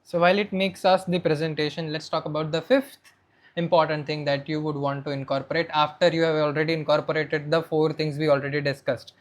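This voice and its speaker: A young Indian man with a notably high-pitched voice explains how to present. His Indian English accent carries through a coaching tutorial. He drops to a hush, then pushes his volume up to show his points. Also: little pitch movement, a little fast. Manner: swings between quiet and loud to demonstrate voice modulation. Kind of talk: spoken tutorial.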